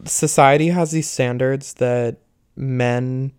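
A young man talks straight to his viewers in a slow, easy way. His voice is smooth and clear, recorded close with no room sound. He rambles candidly, laughs often and swears freely. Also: mid-range voice, fairly even intonation, darkish tone, dry recording. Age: young adult. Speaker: vlogger. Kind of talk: casual talk to camera.

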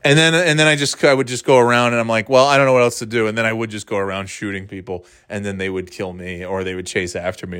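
A man casually rambling about video games as a dad, cussing freely and breaking into loud mock quotes. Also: fairly low pitch, fairly even intonation, fast, few pauses, smooth, dry recording, clean studio sound.

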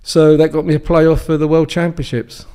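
Man, 60s, English accent, warm dark tone, rambling storyteller, casual interview guest. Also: on the high side, little pitch movement, normal speed, clear, resonant tone. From England. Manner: rambling anecdotes with many ums and restarts. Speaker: guest, former darts champion.

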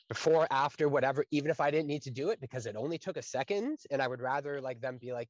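A man's voice: medium pitch, animated, quick pace, hardly any pauses, no room sound, dull audio. A man in his thirties from Canada, talking earnestly and at length in a casual podcast conversation, full of fillers. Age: 30s. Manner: earnest, rambling with frequent fillers. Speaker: guest.

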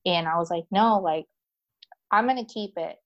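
A woman's voice: on the low side, normal speed, lo-fi sound. Chatty woman telling her own story. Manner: animated, chatty, many fillers, voices others in quotes. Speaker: guest. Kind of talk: telling a personal story in casual conversation.

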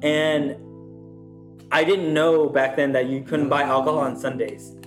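A young man co-hosts a podcast in loose, slangy chat, his voice pitched a bit high. His rambling stories bounce off the walls of an echoey room, with clear music playing underneath. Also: steady tone, unhurried. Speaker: podcast co-host. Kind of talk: casual chat.

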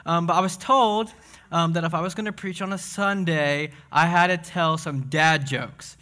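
Excitable young preacher, bright voice. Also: male voice, fairly high pitch. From Tennessee. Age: young adult. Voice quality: speech impediment. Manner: excitable, fast, self-deprecating. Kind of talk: casual sermon with jokes.

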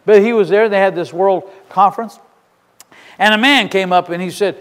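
A man's voice: high-pitched, expressive, a little fast. A male pastor preaching a sermon in a church, fervent and emphatic, often repeating and restarting his phrases. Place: church sanctuary. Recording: long reverb of a large hall.

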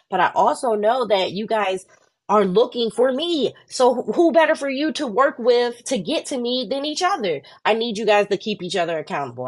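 A young woman co-hosting a faith podcast, telling her story in an animated way and jumping into high voices when she quotes people, sounding tired and worn down. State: tired and under the weather. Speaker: podcast co-host. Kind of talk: casual faith podcast chat.

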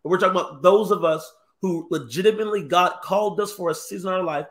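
High-pitched guy guesting on a church talk, earnest, trips over his words. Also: fast, a bit bright. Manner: earnest storytelling with stammered restarts. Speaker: guest, apostle. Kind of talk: casual ministry discussion.

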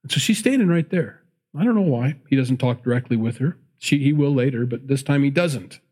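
A man's voice: medium pitch, expressive, fairly quick, darkish tone, slightly rough. A man preaching a sermon, reading scripture aloud and breaking off into chatty asides, correcting himself as he goes. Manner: chatty asides between read verses, self-correcting.

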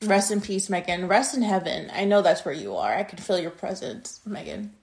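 A young woman talks straight into the mic in a loose, rambling monologue, swearing freely and drifting from one tangent to the next. Her voice jumps from loud, emphatic lines down to quiet, mumbled asides. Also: fairly low pitch, lively intonation, normal speed. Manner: rambling, profane and blunt, with frequent tangents; loudness swings between emphatic bursts and muttered asides. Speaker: podcast host. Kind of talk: casual storytelling monologue.

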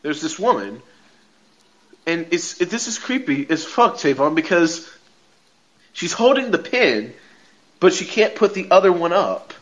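A man co-hosting a podcast, casually recapping a TV episode in a rambling way, full of "like" and quick laughs. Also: fairly high pitch, big pitch swings. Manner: rambling, heavy on filler "like", laughs often. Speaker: podcast co-host. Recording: dull lo-fi audio.

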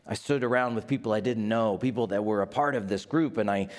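A man's voice: on the low side, fairly quick, voice pushed down, close to an everyday voice. A man voicing a remorseful male disciple in the first person, speaking in a confessional tone as part of a church sermon. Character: remorseful male disciple recalling his denial.

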